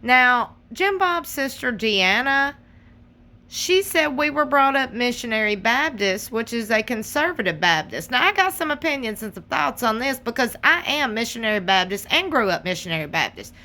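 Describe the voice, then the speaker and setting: A woman's voice: fairly high pitch, big pitch swings, normal speed, sharp tone. A young adult woman giving casual, sassy reaction commentary and talking straight to her viewers. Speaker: commentary channel host.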